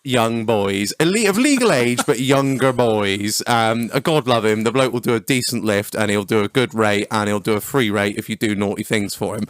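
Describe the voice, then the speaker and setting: A man's voice: on the low side, normal speed, few pauses, dry recording, studio quality. A young man joking around as he tells a rambling story, a guest on a casual podcast chat.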